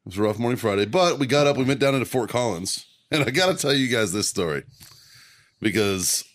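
A man's voice: mid-range voice, expressive, brisk. A swearing man ranting through a story. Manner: profane, heated, laughs while telling. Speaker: podcast co-host. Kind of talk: casual chat, ranting storytelling.

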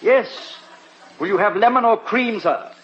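An actor playing a fussy English butler with dry, sly wit, in 1940s radio comedy style. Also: male voice, high voice, measured pace, a bit bright. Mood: dryly amused. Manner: formal, polite, sly teasing. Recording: muffled old radio broadcast.

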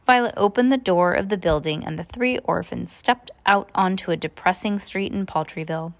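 A woman's voice: mid-range voice, normal speed. A woman, a parent, reading a book aloud to her child in plain narration with small stumbles and self-corrections.

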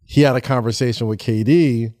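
A man's voice: medium pitch, fairly even intonation, fairly quick, a little mellow, dry recording, studio quality. A man hosting a podcast, talking casually in a rambling, hesitant way. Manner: rambling, hesitant, playful announcer bits. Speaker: podcast host. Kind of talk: casual chat.

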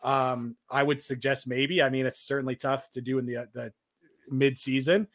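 A man co-hosting a sports podcast, telling stories in a casual, animated way with lots of filler words. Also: mid-range voice, moderate pace. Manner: animated storyteller, frequent "like" fillers. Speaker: podcast co-host.

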